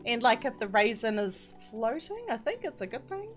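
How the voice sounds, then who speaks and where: A woman's voice: on the high side, very animated, normal speed. Chatty young New woman streaming. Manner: chatty, giggly, reads chat aloud. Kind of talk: casual live-stream chat and tutorial. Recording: music playing behind.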